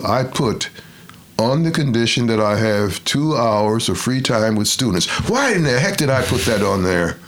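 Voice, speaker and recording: An older man from Detroit, a retired professor, telling his life story in a measured, reflective way and acting out the quotes. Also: fairly low pitch. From Detroit, USA. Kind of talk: storytelling interview.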